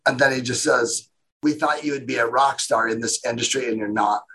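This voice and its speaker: A man, a guest in a casual interview, telling his story in a rambling, animated way and acting out what other people said. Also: medium pitch, fairly quick, breathy edge, rough recording. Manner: rambling, animated retelling with quoted voices.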